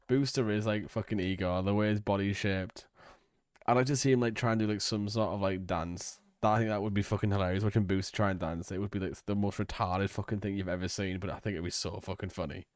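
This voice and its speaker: A man's voice: fairly low pitch, fairly even intonation, fast talker, clear, resonant tone, no echo, clean studio sound. A man giving rambling, crude, hesitant commentary on a livestream.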